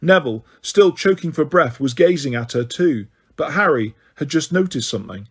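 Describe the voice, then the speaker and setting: A man reading an audiobook in a steady storytelling way. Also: a little high, normal speed, slightly rough. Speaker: audiobook narrator. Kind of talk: audiobook narration.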